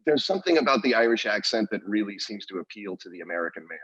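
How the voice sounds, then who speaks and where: A man's voice: fairly low pitch, animated, rapid-fire, a bit bright, husky, no room sound, lo-fi sound. A man from Canada co-hosting a podcast, chatting casually and rambling with self-mocking jokes. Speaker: podcast co-host. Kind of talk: casual chat.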